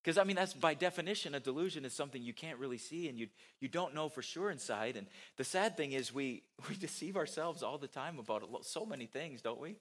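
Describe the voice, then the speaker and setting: A pastor giving a conversational sermon at a church, with self-deprecating asides and rhetorical questions to the congregation. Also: male voice, fairly high pitch, animated, quick pace, hardly any pauses, fairly bright tone.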